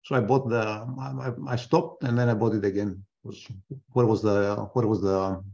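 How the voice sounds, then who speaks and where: A man's voice: fairly low pitch, little pitch movement, moderate pace, vocal fry, a little mellow. A man hosting a live trading webinar, thinking aloud as he trades, often restarting his sentences and tossing in joking asides. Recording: dull lo-fi webinar audio.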